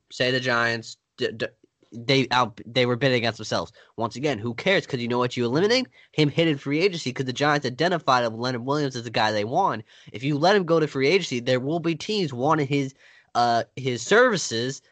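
A man's voice: mid-range voice, a bit bright, no room sound. A man co-hosting a podcast in casual sports chat, making his points emphatically and firmly. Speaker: podcast co-host.

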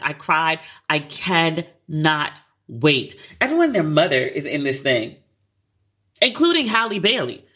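A woman co-hosting a casual pop-culture chat show, animated and chatty, often acting out her own reactions in high tones. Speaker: podcast co-host.

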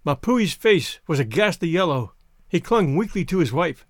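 A man reading a short story aloud in an expressive, dramatic narration. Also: on the high side, moderate pace, no echo, studio quality. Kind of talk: scripted narration.

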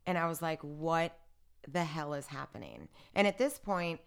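With a low, creaky yet clear and resonant voice at normal speed, this interview guest, a woman, casually relates a personal story. She acts out what others said in an animated way and peppers everything with "like" and "I'm like."

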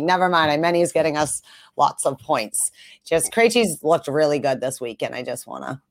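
A woman's voice: deep voice, normal speed, no room sound. Woman co-host, from Buffalo area, rambling casual chat, laughs a lot, dry close sound. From Buffalo area, USA. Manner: animated, rambling, laughs often, swears. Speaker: podcast co-host. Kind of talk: casual sports podcast chat.

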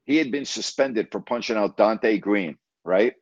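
Low-voiced man telling a story. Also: measured pace, no room sound. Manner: emphatic, retells conversations with repeated "I said". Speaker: former team broadcaster. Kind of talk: casual storytelling in an interview. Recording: dry, slightly dull audio.

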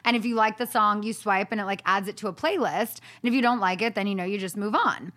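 A woman's voice: mid-range voice, quick pace. A woman hosting a podcast, telling stories in casual chat and acting out quotes, with lots of "like". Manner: animated storytelling, acts out quotes, frequent "like". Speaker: podcast host.

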